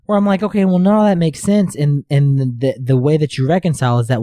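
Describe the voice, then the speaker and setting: A man's voice: a little high, quick pace, warm tone, no echo, clean studio sound. A man hosting a casual podcast chat, talking earnestly and reflectively and repeating phrases while he thinks. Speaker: podcast host.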